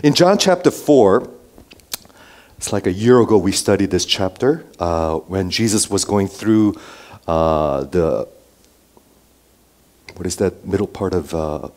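A male pastor preaching a sermon to a congregation, swinging between raised emphasis and hushed near-whispers and often checking in with "okay?". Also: on the low side. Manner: checks in with the listeners with frequent "okay?". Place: church before a congregation.

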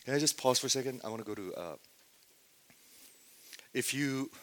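Dramatic male preacher, loud then hushed. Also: medium pitch, expressive, moderate pace, low-quality recording. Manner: swings from loud emphatic to hushed near-whisper; asks the audience rhetorical questions. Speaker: pastor. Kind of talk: sermon.

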